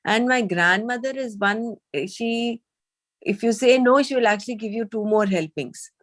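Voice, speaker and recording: A woman leading a study group, reading a text aloud and explaining it with thoughtful pauses. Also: a little high. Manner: measured, thoughtful, with hesitant fillers when speaking freely.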